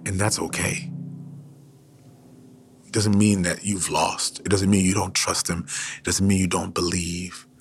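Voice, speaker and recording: A man preaching and praying in a livestream devotional, swinging between loud declarations and hushed whispers. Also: low voice, level tone, measured pace, long pauses, breathy edge. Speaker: pastor. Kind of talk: devotional livestream sermon and prayer.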